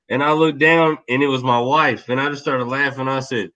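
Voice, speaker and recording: A man's voice: medium pitch, steady tone, normal speed, few pauses, sharp tone, highs cut off. A man guest telling a casual, profane story in a laid-back, rambling way.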